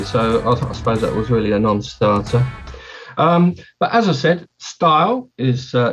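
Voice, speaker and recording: A man hosting a podcast in casual chat, rambling and correcting himself as he talks. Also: medium pitch. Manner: rambling, self-correcting, chatty. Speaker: podcast host.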